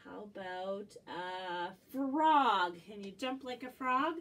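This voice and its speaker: A woman's voice: medium pitch, lively intonation, slow pace, few pauses, a bit bright, a little hiss or hum. A woman librarian leading young children through animal games and action rhymes in a cheerful sing-song manner. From Canada. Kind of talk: children's music and movement class. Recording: distant from the mic.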